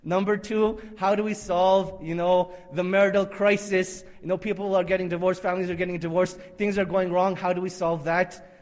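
A man's voice: high-pitched, flat delivery, moderate pace, a little mellow, in a large hall. A man giving an Islamic conference lecture, emphatic and repetitive, with Arabic religious phrases woven in. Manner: emphatic, repeats key phrases for effect.

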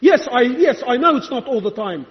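A man's voice: extremely high pitch, lively intonation, moderate pace. A male preacher giving an impassioned, rhetorical sermon, challenging his listeners. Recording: echoey hall, dull lo-fi sound.

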